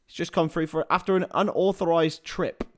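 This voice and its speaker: A fairly high-voiced man streaming a live football watchalong. He runs commentary on the play and chats loosely with his chat, now and then shouting out a goal. Casual, a bit sweary, forever calling everyone lads. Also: a little fast. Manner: casual and chatty, swears, addresses viewers as lads; bursts into loud excited goal calls.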